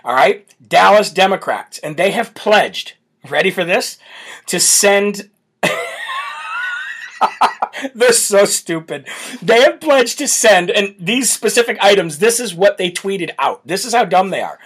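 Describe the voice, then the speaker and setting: Brash, mocking high-voiced male host. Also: lively intonation, a little slow, a bit bright, breathy edge. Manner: brash, mocking, laughs often. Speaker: political talk show host. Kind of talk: brash political commentary. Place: home setup with camera.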